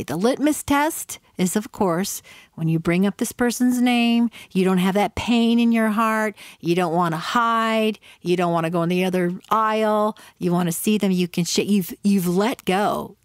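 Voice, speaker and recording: A middle-aged woman hosting a faith-based podcast, giving earnest, conversational advice with reflective pauses. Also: on the low side, darkish tone, dry recording, clean studio sound. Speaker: podcast host.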